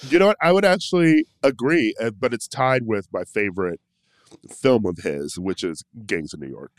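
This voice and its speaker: A man's voice: on the low side, animated, moderate pace, no echo, studio quality. A man co-hosting a podcast in casual chat, chatty and prone to tangents, laughing often. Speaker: podcast co-host.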